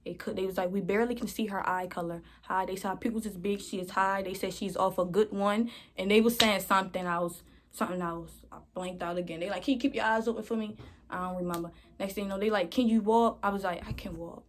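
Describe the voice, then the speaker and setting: A woman's voice: medium pitch, fairly even intonation, fast, a little hiss or hum. A young woman vlogger telling a storytime in a rambling, slangy way, often calling her viewers y'all. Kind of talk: casual storytime.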